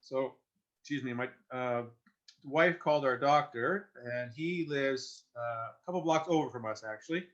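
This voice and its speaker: A middle-aged man, telling a personal story as a guest in earnest, halting conversation with restarts. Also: medium pitch, a bit bright. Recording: muffled lo-fi sound.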